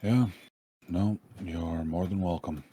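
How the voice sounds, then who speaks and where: A man's voice: low voice, slow, dark tone, a little hiss or hum. A man playing a tabletop game, talking in a laid-back, slightly hesitant way. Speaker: player.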